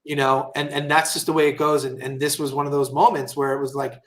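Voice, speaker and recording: A man guesting on a podcast, telling casual stories with animated, profane asides and lots of fillers. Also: a little high, quick pace. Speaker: guest entrepreneur. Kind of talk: casual storytelling interview.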